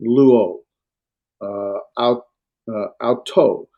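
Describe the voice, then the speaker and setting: A man's voice: medium pitch, narrow, tinny audio. Man teaching a Greek class. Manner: halting, many fillers and self-corrections. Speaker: Greek instructor. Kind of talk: classroom lecture.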